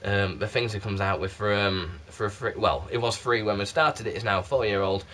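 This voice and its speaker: A man's voice: fairly low pitch, brisk, fairly bright tone. A man from South Yorkshire with a muddled northern English accent, chatting to camera in a rambling, self-deprecating way, recorded on a games console camera. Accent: mixed South Yorkshire English. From South Yorkshire, England. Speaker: YouTube candle reviewer. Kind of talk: casual chat to camera. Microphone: PlayStation camera mic.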